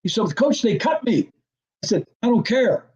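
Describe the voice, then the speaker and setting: A man's voice: very high voice, moderate pace, muffled recording. An older man, a former football coordinator, telling a story as an interview guest and acting out the dialogue. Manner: animated storyteller, acts out quoted dialogue, laughs often.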